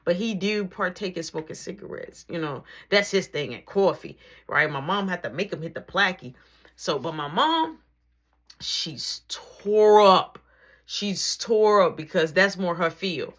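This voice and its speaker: A woman telling a personal story in a casual, slangy way, with animated bursts and drops to near whispers. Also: lowish voice, normal speed.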